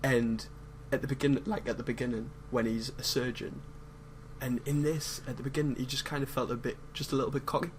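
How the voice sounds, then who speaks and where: A man's voice: mid-range voice, steady tone, fairly quick, a little hiss or hum, low-quality recording. English man giving a film review. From England. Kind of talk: casual podcast chat.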